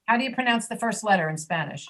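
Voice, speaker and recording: A woman teaching an online English pronunciation class, patiently demonstrating sounds slowly and repeating them. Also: medium pitch, animated, fairly bright tone. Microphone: video call.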